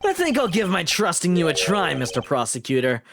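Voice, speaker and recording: A woman voicing a gruff, blunt young male investigator from a video game, speaking in a curt, clipped way. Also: lowish voice, big pitch swings, brisk, noisy background.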